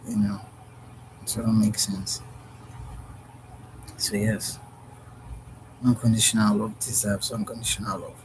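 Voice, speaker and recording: Man, mid pitch, slow, earnest and repetitive, clear traffic noise behind. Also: level tone. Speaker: vlogger. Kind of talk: unscripted heartfelt monologue.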